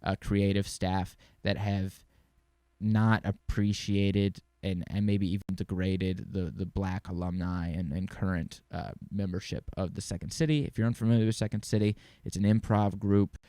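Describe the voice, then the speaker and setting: A man's voice: deep voice, flat delivery, moderate pace, mellow, smooth, no echo. A young man hosting his own podcast, talking casually and rambling, with frequent swearing and easy laughs. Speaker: podcast host. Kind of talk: casual solo podcast talk.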